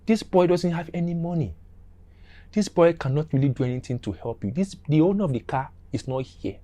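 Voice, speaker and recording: A man's voice: fairly high pitch, expressive, a little fast, warm tone, voice pushed up, natural voice. A man voicing a male police officer who pleads and insists in a slightly raised voice. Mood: soothing.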